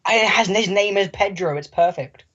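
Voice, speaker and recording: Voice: mid-range voice, fairly quick, a bit bright. Rambling, jokey young podcast co-host. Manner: rambling, jokey, acts out voices in quotes. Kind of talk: casual chat. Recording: muffled lo-fi recording.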